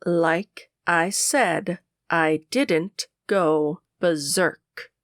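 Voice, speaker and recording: A woman's voice: fairly low pitch, moderate pace, no room sound, studio quality, close to an everyday voice. Woman as a defiant young warrior woman. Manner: firm, clipped, emphasizing each word. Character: defiant young female warrior, proud and guarded.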